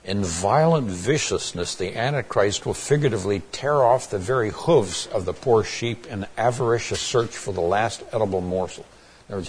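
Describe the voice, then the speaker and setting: Deep-voiced man preaching a sermon. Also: slight background noise. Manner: earnest, plainspoken, with frequent fillers and restarts.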